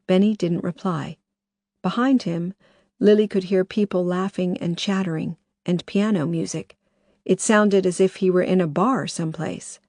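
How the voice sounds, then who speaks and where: A woman reading audiobook narration in a measured, even way. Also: on the low side, no echo, studio quality. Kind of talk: scripted narration.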